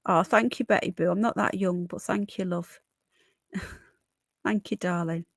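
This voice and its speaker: A woman in her early forties with a hoarse voice, hosting a casual livestream and chatting with viewers, calling them love and darling. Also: lowish voice, steady tone, unhurried, no room sound. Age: 40s. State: hoarse from illness. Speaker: livestream host. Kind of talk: casual live chat.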